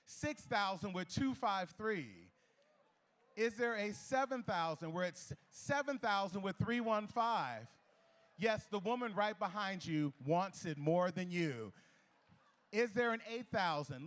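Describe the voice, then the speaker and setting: A man calling bids at a charity gala auction, playful and teasing with bidders, repeating the bids in quick patter. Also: sits high, lively intonation, fairly bright tone. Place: gala ballroom.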